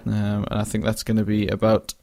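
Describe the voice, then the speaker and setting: Low gravelly-voiced young man rambling. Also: monotone, brisk, warm tone, no room sound, studio quality. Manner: rambling, frequent fillers and restarts. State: yawning, drowsy. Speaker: podcast host. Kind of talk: casual solo monologue.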